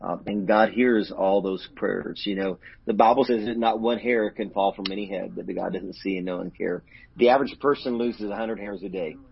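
Speaking at a moderate pace in a creaky, fairly low voice, a middle-aged pastor relates a personal story during an interview. He talks earnestly and emotionally, openly addressing hurt, and the recording is dull lo-fi.

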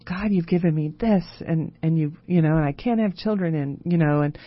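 Low-voiced woman telling her story. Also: brisk, lo-fi sound. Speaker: guest. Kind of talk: casual chat.

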